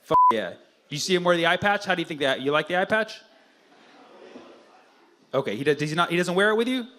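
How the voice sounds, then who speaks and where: A male stand-up comedian working the crowd at a live show. His voice sits high and bright, and his pitch swings widely as he trades brash, profane banter with the audience. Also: lively intonation, fast talker.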